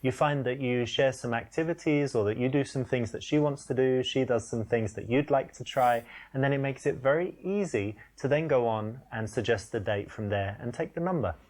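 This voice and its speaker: A man working as a dating coach, giving calm, instructive advice in a scripted game segment. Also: mid-range voice, normal speed, hardly any pauses.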